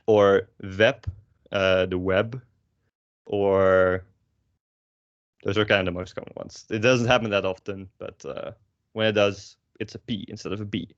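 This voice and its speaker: A young Dutch man with a Dutch accent, teaching pronunciation in a relaxed, rambling way with casual swearing and lots of fillers. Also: on the low side, unhurried, dry recording, dull audio. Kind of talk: casual language lesson.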